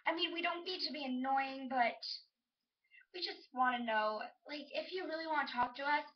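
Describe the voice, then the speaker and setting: A woman's voice: high voice, moderate pace. A teenage girl giving casual dating advice in a rambling vlog, full of fillers and little acted-out quotes. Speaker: vlogger. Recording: distant lo-fi webcam sound.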